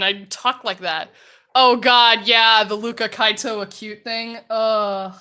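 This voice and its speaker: A woman streamer talks casually over her drawing, naturally loud and quick to laugh at herself. Her voice sits a little high and comes out sharp and bright. She keeps it chatty and self-mocking. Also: steady tone.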